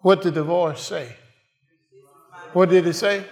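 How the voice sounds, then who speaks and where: A man's voice: high voice, steady tone, a little slow, faint music behind. A man preaching a sermon in a call-and-response way, asking the congregation questions and answering them.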